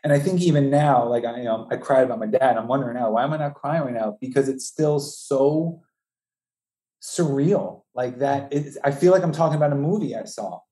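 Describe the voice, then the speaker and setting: A man telling the story of losing his newborn twins, speaking haltingly with many restarts, his voice climbing high and strained with grief. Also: warm tone, echoey room. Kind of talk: emotional personal testimony.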